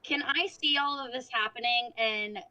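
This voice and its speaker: Woman, tabletop player, excitable, playful, bright tone, raised pitch. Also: moderate pace, no room sound, poor audio. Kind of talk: casual tabletop game chat.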